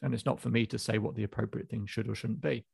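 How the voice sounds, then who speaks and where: A man coaching a client in a calm, probing session over a call, with frequent restarts. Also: on the low side, quick pace, gravelly, breathy edge, no room sound. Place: video call.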